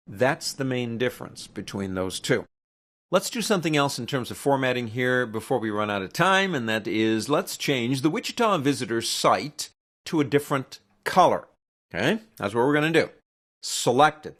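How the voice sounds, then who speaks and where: Male instructor with a gravelly edge; relaxed, chatty walkthrough with the odd wry rant. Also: medium pitch. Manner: casual, chatty, with joking opinionated asides. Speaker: teacher. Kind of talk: software tutorial walkthrough.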